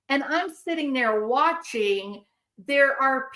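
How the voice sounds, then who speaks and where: Woman commentary host, mid-pitched voice, indignant, emphatic delivery with rhetorical asides. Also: animated, measured pace, a bit bright. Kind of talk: opinionated commentary.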